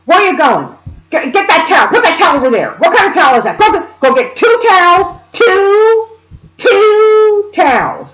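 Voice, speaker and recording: A woman's voice: extremely high pitch, sing-song, moderate pace, fairly bright tone, soft background music, pitched above the performer's own voice, exaggerated voice. A woman voicing a frantic young mother who screams repeated orders at her children. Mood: bossy. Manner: screeching, bossy, repeats orders. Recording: roomy, dull lo-fi sound.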